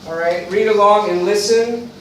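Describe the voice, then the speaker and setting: American male teacher, high voice, slow drills, distant room mic. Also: steady tone, a bit bright, a little hiss or hum. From eastern United States. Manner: slow, deliberate drilling with repetition. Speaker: English teacher. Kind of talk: classroom teaching. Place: classroom. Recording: echoey classroom from far off.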